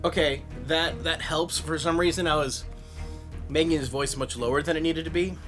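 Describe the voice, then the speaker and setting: A man's voice: on the high side, over music. A young man, a voice actor, chatting casually and self-deprecatingly about practicing impressions. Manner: animated, self-deprecating, quick laughs. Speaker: voice actor and YouTuber. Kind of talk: casual vlog commentary.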